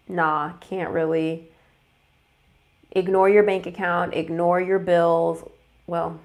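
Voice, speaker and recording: A young woman with a slightly low voice gives a laid-back tarot reading. She sounds congested and stuffy, chatting loosely, trailing off and restarting her sentences. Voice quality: casual, chatty with fillers and self-corrections. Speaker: tarot reader. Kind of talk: casual tarot forecast.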